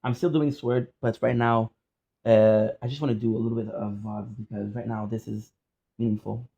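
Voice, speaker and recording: A man's voice: on the low side, little pitch movement, normal speed, vocal fry, dark tone, slightly rough, dull audio. A man talking casually to his viewers as a gaming streamer, frustrated, swearing and repeating himself. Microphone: phone.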